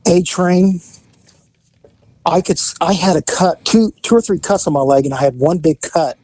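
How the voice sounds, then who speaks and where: A man's voice: a little high, moderate pace, slightly rough, dry recording. Profane storytelling man, dry sound. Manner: animated, profane, acts out dialogue. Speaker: podcast host and former police officer. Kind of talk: casual storytelling.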